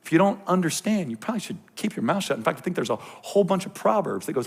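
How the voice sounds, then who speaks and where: A male pastor preaching a sermon to his congregation, swinging from hushed to shouting and slipping in joking asides. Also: mid-range voice, expressive, quick pace, hardly any pauses.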